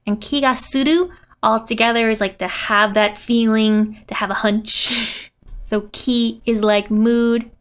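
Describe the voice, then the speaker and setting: A woman's voice: fairly high pitch, fairly even intonation, a little slow. A woman giving a casual language lesson, often laughing and playfully reading out lines from a comic. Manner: giggly, reads out character lines with playful voices. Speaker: Japanese teacher.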